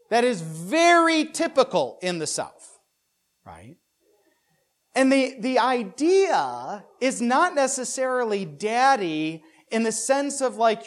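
A man giving a conversational Bible lesson who keeps asking "right?", adds joking asides and repeats words as he thinks aloud. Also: high-pitched. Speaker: pastor or Bible teacher.

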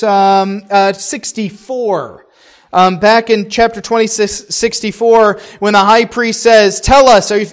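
A man reading a passage of scripture aloud and then teaching on it in an unscripted way, with many fillers and restarts. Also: high voice. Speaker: Bible teacher.

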